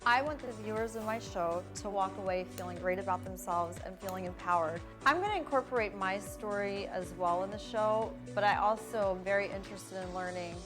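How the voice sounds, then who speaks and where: A woman's voice: medium pitch, a little fast, few pauses, music in the background. A woman host promoting her own show in an upbeat, enthusiastic way. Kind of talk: promotional pitch.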